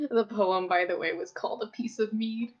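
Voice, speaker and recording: A woman's voice: medium pitch, fairly even intonation, normal speed. A woman chatting casually as a tabletop game player, giggly and rambling as she tells a story. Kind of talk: casual chat. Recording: dull lo-fi audio, faint music.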